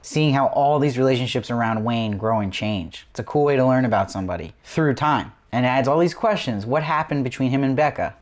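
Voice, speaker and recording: Man reviewing a TV episode. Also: medium pitch. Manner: enthusiastic, asks lots of rhetorical questions. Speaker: TV review host.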